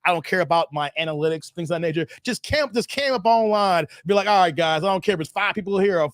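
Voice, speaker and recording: A man in his thirties hosting a casual live stream, animated and laughing often, his voice a little strained from long streaming. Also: high-pitched, quick pace, dry recording, clean studio sound. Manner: animated, laughs often, breaks into playful sung bits. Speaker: live stream commentary host. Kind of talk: casual live stream chat reading donations.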